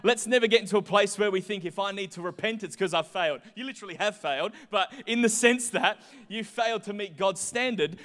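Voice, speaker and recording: Young male pastor, high voice, lively storyteller, long hall reverb. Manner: chatty, animated storytelling with voiced asides. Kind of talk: sermon with personal stories.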